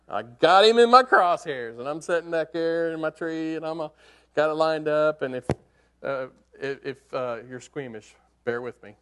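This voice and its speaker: Preaching from the pulpit, this man illustrates his point with a hunting tale, his animated, chatty delivery rising from hushed moments to excited ones. The voice is smooth and fairly high-pitched.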